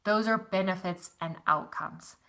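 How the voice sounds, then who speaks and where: Female yoga teacher, bright voice, upbeat and encouraging, teaching live over a video call. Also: lowish voice, unhurried, creaky. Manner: chatty, encouraging, reads chat comments aloud. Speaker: yoga teacher leading an online class.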